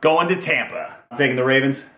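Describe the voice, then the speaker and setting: A man's voice: medium pitch, very animated, a little fast, bright, forceful tone. A man hosting a casual football predictions video, upbeat and teasing, stretching out team names for fun. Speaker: host of a sports picks video. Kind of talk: casual sports predictions chat. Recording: echoey room.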